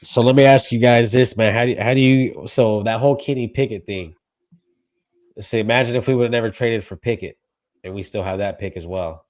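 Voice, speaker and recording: A man's voice: medium pitch, steady tone, a little fast, a little mellow. A man co-hosting a podcast in casual sports chat, asking the others questions in a loose, casual way. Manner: casual, asks questions, says man a lot. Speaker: podcast co-host.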